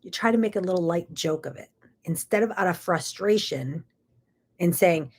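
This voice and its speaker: A woman's voice: lowish voice, lively intonation, normal speed, slightly rough. A middle-aged woman, hosting a chatty, folksy morning talk show. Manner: chatty, folksy, says y'all. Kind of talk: casual chat.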